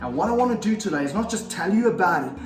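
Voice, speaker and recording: Out of breath but energetic, a middle-aged vlog host with a high voice talks fast to camera while handling a snake, pausing to coax it between explanations. He's indoors in an echoey room with slippery floors, somewhat distant from the mic, with faint music in the background.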